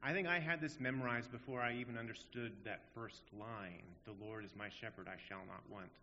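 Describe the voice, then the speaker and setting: A man's voice: medium pitch, fairly even intonation, brisk, bright, forceful tone, a little hiss or hum. A man preaching a sermon in an earnest, emphatic way, asking rhetorical questions. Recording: dull audio in a long-reverb hall.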